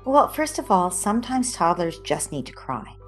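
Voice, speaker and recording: A woman parenting expert explaining advice in an online interview over a video call, lively and often checking in with "right?". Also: fairly low pitch, normal speed, soft background music. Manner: animated, acts out parent and child voices, often tags "right?".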